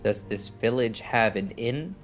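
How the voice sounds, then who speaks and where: A man's voice: mid-range voice, measured pace, soft background music. Hesitant man with a mid-range voice. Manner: hesitant, filler-heavy. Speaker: player. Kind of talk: casual tabletop play.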